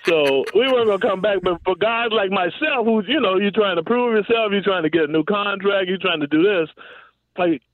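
A former pro football receiver tells stories in a casual interview, laughing often and repeatedly saying "you know what I'm saying." His voice is high-pitched and fairly quick, on a dry, tinny, phone-like line with no room sound and faint music behind.

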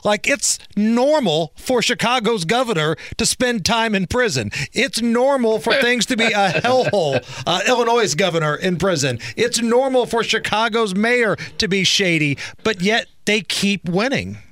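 A man co-hosting a political talk radio show, wry and quick with his comments. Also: sits high, expressive, a bit bright. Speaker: radio co-host.

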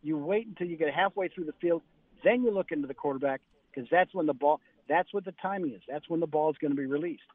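A male sports reporter phoning in to a radio show. The line is thin and phone-like, his voice a touch high and dry. He tells practice stories in animated bursts, acting out what the coaches said. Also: quick pace, no room sound.

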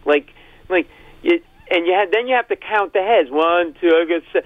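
A man's voice: sits high, fairly quick, no room sound, narrow, tinny audio. A male comedian telling rambling jokes as a guest in a casual radio phone interview. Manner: rambling, joking storyteller, frequent laughs.

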